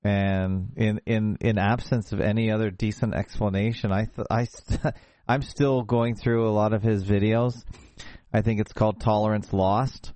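A man hosting a show, talking casually over a video call in a halting way, often restarting his sentences. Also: fairly low pitch, steady tone, dark tone, no room sound. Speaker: show host.

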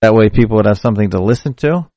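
Low-voiced man hosting a rambling stream. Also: racing, mellow, no echo, lo-fi sound. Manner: rambling, conversational, self-correcting. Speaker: podcast host. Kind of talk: casual solo live-stream talk. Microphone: mic through a hardware audio box.

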